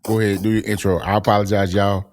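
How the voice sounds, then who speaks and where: A man's voice: fairly low pitch, level tone, fast, heavy background noise. Teasing man podcast co-host. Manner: teasing, keeps interrupting. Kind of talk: casual podcast chat.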